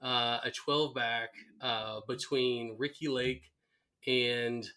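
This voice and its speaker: Speaking at a slow pace with a medium-pitched voice, this podcast co-host recaps a TV episode in casual conversation. He's an animated storyteller who laughs along and performs the quoted lines himself.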